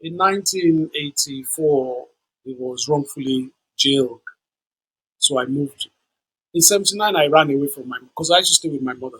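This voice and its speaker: A man's voice: medium pitch, breathy edge, low-quality recording. A man, telling stories as a guest in an interview and acting out the people he quotes. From Nigeria. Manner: animated storyteller who acts out the people he quotes. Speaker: guest musician. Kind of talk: storytelling interview.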